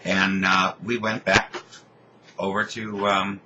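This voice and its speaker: A man co-hosting a casual chat show, retelling a story in a rambling, animated way with many restarts. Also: low voice, takes it slowly, highs cut off, heavy background noise. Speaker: podcast co-host.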